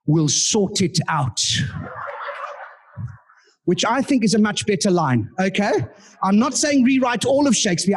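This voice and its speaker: Telling playful stories at his own expense and tossing asides to the crowd, this man in his 40s is a comedian and guest speaker from South Africa doing live stand-up. His voice is high and slightly rough. The setting is an indoor club meeting room.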